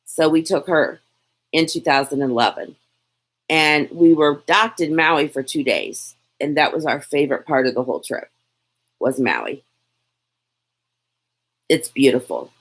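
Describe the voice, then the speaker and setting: A woman's voice: low-pitched, unhurried, long pauses. A woman, chatting casually on a live stream from her phone and answering viewer questions. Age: 40s. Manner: chatty, lively, laughs often, reads comments aloud. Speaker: lifestyle vlogger, live Q&A host.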